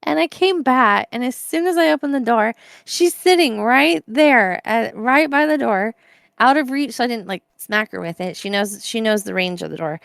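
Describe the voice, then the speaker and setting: Young woman podcast cohost, giggly animated storyteller, higher voice with some vocal fry, dry close sound. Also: moderate pace, no echo. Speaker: podcast co-host. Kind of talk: casual chat.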